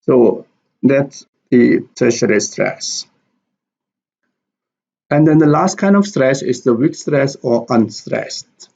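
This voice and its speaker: A man teaching English pronunciation, explaining stress and repeating example words slowly and deliberately. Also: mid-range voice, vocal fry, darkish tone, breathy edge. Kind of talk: slow explanatory lesson with spoken examples. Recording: dull lo-fi recording.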